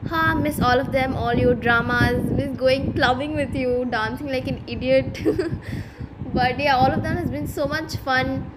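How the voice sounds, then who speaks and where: Cheeky young woman over loud traffic noise. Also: high-pitched, steady tone, measured pace.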